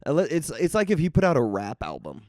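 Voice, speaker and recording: A man's voice: fairly high pitch, huge pitch swings, fast talker, a little mellow, dry recording, studio quality. A man co-hosting a comedy podcast, laid-back and swearing a lot while asking silly questions. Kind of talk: casual chat.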